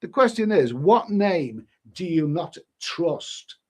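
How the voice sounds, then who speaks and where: A man's voice: on the high side, very animated, slow pace, breathy edge. Rambling Englishman on a live stream. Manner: rambling, repeats words, frequent restarts. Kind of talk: casual live-stream chat reading viewer comments.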